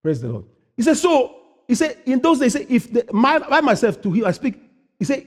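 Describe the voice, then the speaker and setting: A pastor delivering a sermon in a high voice, moving between loud, soaring preaching and quiet asides. He keeps asking his listeners questions and then answers them himself. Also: big pitch swings, fairly quick.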